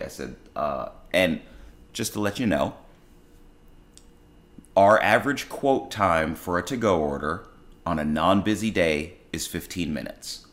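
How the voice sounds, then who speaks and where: A podcast host who also works in a restaurant tells a story on his own show in a casual monologue, his very deep yet slightly bright voice blunt and exasperated. He's expressive, keeps a measured pace with long pauses, and often restarts his sentences.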